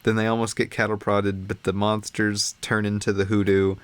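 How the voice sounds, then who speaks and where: Guy w a lowish voice recapping a movie plot, dry and jokey. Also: flat delivery, moderate pace, clear, resonant tone. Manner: laughing, sarcastic, retells plots. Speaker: podcast co-host. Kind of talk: casual movie review chat.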